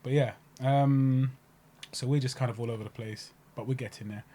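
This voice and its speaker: Brief: young English podcast co-host, mid-range voice, loose and rambling, drops "innit". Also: male voice, mid-range voice, fairly even intonation, normal speed, warm tone. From England. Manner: rambling, repeats words, says "innit". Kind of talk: casual sports chat.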